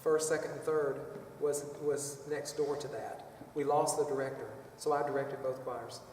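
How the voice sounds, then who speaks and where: A man's voice: medium pitch, level tone, normal speed, darkish tone, far from the mic, slight background noise. Chatty man teaching in echoey hall. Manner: chatty, rambling, with playful vocal demos. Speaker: children's choir clinician. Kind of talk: music workshop lesson.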